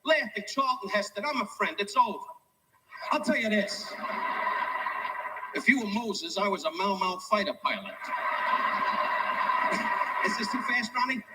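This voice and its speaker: Older male insult comic working a roast, high lively voice, archival audio buried in heavy noise. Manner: teasing, barbed, rapid insults. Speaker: insult comedian. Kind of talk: live roast stand-up.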